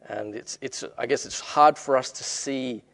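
Guy pastor giving a sermon, a bit gravelly, reads the verses out then explains em. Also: medium pitch, a little slow, fairly bright tone. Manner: reads verses aloud, then explains them in plain talk. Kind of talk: sermon reading and explaining scripture.

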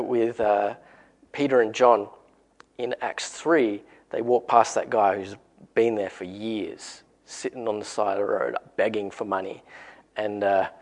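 A man with an Australian accent preaching a relaxed, encouraging sermon and telling a story in a conversational way. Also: on the low side, a little slow.

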